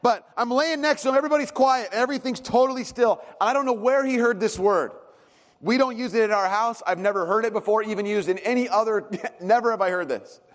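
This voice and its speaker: A man preaching a sermon as a pastor, telling stories with animated swings in pitch and loudness. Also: fairly quick. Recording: long reverb of a large hall.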